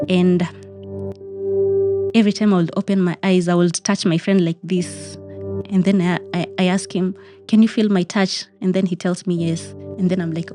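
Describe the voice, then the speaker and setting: A woman's voice: on the low side, steady tone, moderate pace, mellow, faint music behind. A young Kenyan woman telling a personal story of grief, emotional and repeating phrases. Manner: emotional, repeats phrases, mixes in Swahili words.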